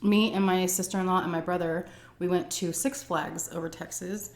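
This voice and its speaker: A woman's voice: fairly low pitch, fairly even intonation, moderate pace. A woman vlogger telling a personal story in a casual, chatty way, with many "like" and "um" fillers. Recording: echoey room.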